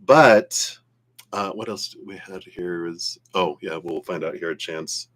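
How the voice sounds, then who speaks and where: Deep-voiced man giving a tarot reading. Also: measured pace, fairly bright tone. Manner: casual, rambling, laughs easily. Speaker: tarot reader. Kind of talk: live-stream tarot reading.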